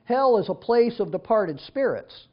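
Speaking in a high, expressive voice at a measured pace, a man reads Bible passages aloud before explaining them conversationally. His manner is casual and chatty, with restarts along the way. The sound is dull and lo-fi.

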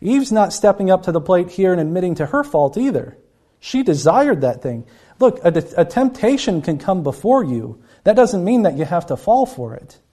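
A man's voice: high voice, big pitch swings, normal speed, dark tone. A man preaching a Bible-teaching sermon, earnest and often repeating words as he acts out the people he quotes.

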